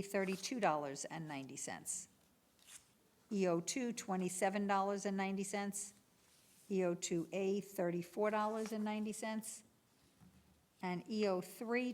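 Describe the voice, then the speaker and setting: Businesslike woman reading out bid prices. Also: mid-range voice. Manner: steady, businesslike listing of item codes and prices. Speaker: municipal clerk reading out bids. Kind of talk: reading bid prices aloud at a public bid opening.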